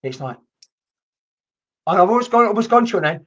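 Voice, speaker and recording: A woman's voice: mid-range voice, lively intonation, fairly quick, fairly bright tone, lo-fi sound. A woman working as a medium, giving a chatty live-streamed reading and swearing casually as she talks. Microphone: computer mic on a video stream.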